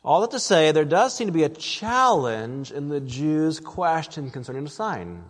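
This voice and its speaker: A man's voice: a little high, very animated, moderate pace, in a large hall. A man preaching an expository sermon, earnest and emphatic, often addressing his listeners as friends.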